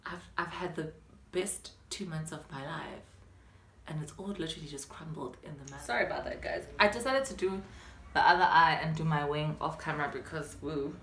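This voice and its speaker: A young South African woman telling a story on her vlog, chatty and animated. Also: low-pitched, a little fast, roomy sound, a little hiss or hum. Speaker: vlogger.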